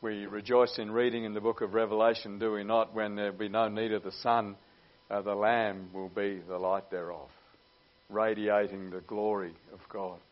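A man preaching a sermon in an earnest way, often pausing with "uh" as he goes. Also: lowish voice, flat delivery. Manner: earnest, with many "uh" pauses. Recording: dull lo-fi recording.

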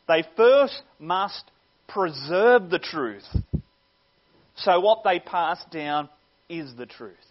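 A male pastor preaching a sermon earnestly, swelling louder on key phrases and dropping low at their ends. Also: muffled recording.

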